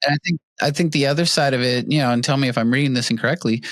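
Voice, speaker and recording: A man's voice: mid-range voice, racing, fairly bright tone, a little hiss or hum. A man hosting an interview podcast, asking thoughtful, probing questions and affirming his guest. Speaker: podcast host. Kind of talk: interview conversation.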